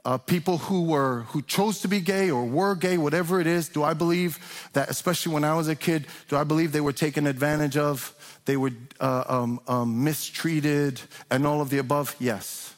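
A man preaching to a large congregation, his slightly high voice pushing hard on each point and climbing into urgent questions. The sound carries a long reverb from the big church hall around him. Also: fairly even intonation, moderate pace. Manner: impassioned preaching with rising emphatic questions. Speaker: pastor. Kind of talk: sermon.

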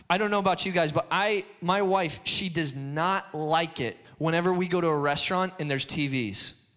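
A man preaching a sermon, lively and repetitive, acting out the voice of fear in his head. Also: sits high. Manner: animated, acts out an inner voice, repeats phrases.

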